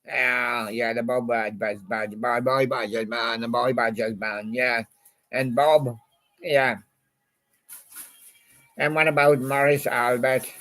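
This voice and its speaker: A man's voice: mid-range voice, level tone, slow pace, pauses often, a bit bright. A man in a rambling, casual monologue, reminiscing about old songs and chatting to a toy badger. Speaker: channel host.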